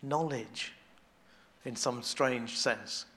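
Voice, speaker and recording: Speaking very slowly at a medium pitch, a man gives a sermon as if chatting, restarting phrases as thoughts form. His tone becomes quiet and personal on devotional themes.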